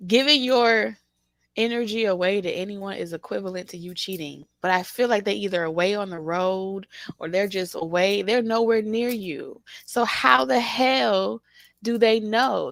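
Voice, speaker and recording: A woman giving a casual, animated tarot reading, teasing the listener and laughing often. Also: medium pitch, gravelly, dry recording. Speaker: tarot reader.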